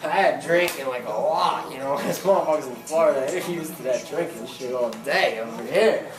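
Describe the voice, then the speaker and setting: A man's voice: a little high, a little fast, recorded from a distance, music in the background. A man doing stand-up, telling a long profane story in rambling slang. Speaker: stand-up comedian. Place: comedy club stage with audience. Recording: roomy club with crowd noise.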